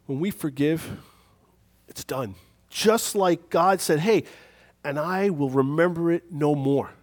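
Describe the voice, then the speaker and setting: A man gives a relaxed, talky sermon in a voice sitting a little above the usual male range. He speaks like he is chatting with the congregation, poking fun at himself as he tells a story from his own life. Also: on the high side, unhurried. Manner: conversational, self-deprecating, chuckles at himself. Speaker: preacher.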